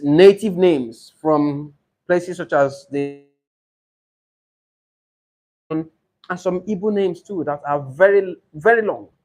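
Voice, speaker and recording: A man teaching exam preparation for English speaking tests, explaining slowly and repeating model answers aloud. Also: on the high side, a little mellow. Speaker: IELTS tutor.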